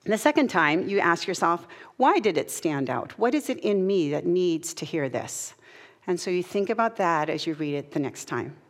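A middle-aged woman giving a personal devotional talk, earnest and conversational, at times moved close to tears. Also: lowish voice. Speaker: speaker sharing a Bible devotional practice.

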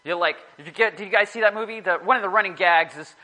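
A man's voice: high-pitched, quick pace, pushed and bright, rough recording. A man giving a casual, rambling sermon to a small group, often correcting himself as he talks. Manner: rambling, self-correcting, chatty.

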